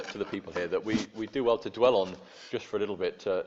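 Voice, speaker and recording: A low-pitched man delivers a sermon in an easygoing, wry, conversational way. He often stops and restarts, with frequent fillers. The recording is muffled and lo-fi. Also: a little fast, a little hiss or hum. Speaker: preacher.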